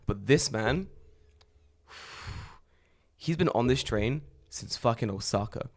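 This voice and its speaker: A man co-hosting a podcast, telling stories in a loose, animated way and swearing often. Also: medium pitch, moderate pace, pauses often. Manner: animated storyteller, swears a lot. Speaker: podcast co-host. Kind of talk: casual chat.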